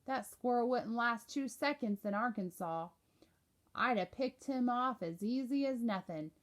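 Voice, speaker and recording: A friendly country boy, as a woman reader puts him on, chatting away in an eager drawl. His voice sits a little higher than the reader's own and comes out louder and livelier. It sounds like a storybook read aloud. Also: animated, measured pace.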